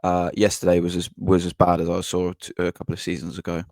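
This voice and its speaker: Male podcaster, deep voice, blunt and sweary, dry close sound. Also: completely flat delivery, fast talker, vocal fry, a little mellow, no echo. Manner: blunt, swears, frequent ums and restarts. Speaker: podcast host. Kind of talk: casual match-reaction monologue.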